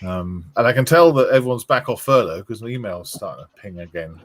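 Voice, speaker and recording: A man's voice: lowish voice, animated, fairly quick, poor audio. A man with a southern English accent, a guest on a livestream chat, rambling and self-mocking. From southern England.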